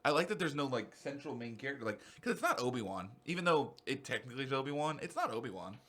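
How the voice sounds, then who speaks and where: Young male podcast co-host, casual, excitable rambler, mid-pitched, swears a lot. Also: fast talker.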